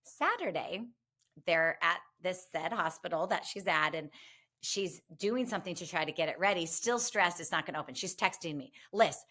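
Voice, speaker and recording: Bright, lively woman telling a story. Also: fairly low pitch, normal speed. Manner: animated, expressive storytelling with many asides. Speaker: guest, medium and grief counselor. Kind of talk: conversational podcast storytelling.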